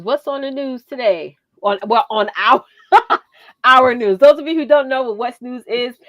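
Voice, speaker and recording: A woman in her thirties co-hosting a casual chat show, playful and animated, talking straight to viewers. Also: mid-range voice, no echo, highs cut off. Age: 30s. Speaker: co-host.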